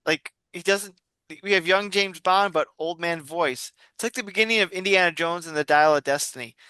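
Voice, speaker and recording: A man's voice: high voice, normal speed, bright, forceful tone, clear, resonant tone, no room sound. A man co-hosting a casual film podcast, rambling through stories with restarts and fillers. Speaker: podcast co-host. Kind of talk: casual chat.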